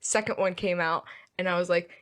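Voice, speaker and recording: A young woman chatting as a podcast guest, halting and laughing often as she recounts stories. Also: fairly low pitch, steady tone, background noise. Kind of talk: casual chat.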